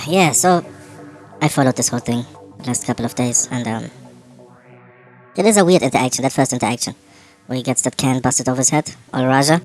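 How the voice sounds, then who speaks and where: Woman, low register, fast-talking commentator, wry and chuckling, faint music underneath. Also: a little mellow. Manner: musing, chuckling asides. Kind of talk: casual reaction commentary.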